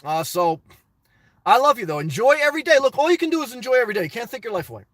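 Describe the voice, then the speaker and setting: A man's voice: very high-pitched, very animated, very fast, fairly bright tone, no room sound. A man casually reading viewer comments and answering them bluntly, rambling with restarts. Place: lives in his car.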